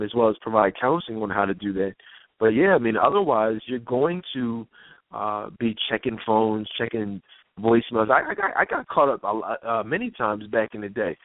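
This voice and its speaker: A man's voice: on the low side, dry recording. A man hosting a call-in talk show, telling stories casually, laughing often and acting out quoted voices. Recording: tinny phone-line sound, dry.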